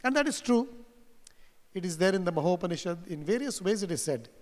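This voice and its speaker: High-voiced man telling stories in a hall. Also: fairly quick. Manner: animated storyteller, quoting Sanskrit verses. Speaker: keynote speaker. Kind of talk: storytelling lecture. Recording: hall reverb.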